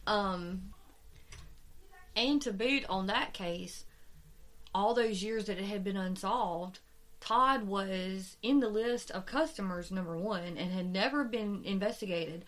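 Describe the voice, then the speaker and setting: Woman, true-crime podcast co-host, animated and profane, casual storytelling. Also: medium pitch. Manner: animated, swears freely, quick rambling retelling.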